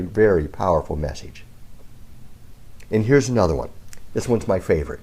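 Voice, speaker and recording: Self-help speaker, middle-aged man, gravelly voice with an animated, sing-song delivery, earnest storyteller. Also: sits low, normal speed, pauses often. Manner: calm, earnest storytelling with lively ups and downs. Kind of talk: talking to camera, telling a story.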